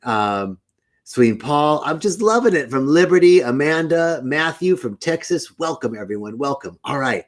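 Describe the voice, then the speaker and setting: A man's voice: fairly high pitch, expressive, normal speed. A middle-aged man hosting a spiritual live stream, chatting casually, greeting viewers by name and telling a candid story.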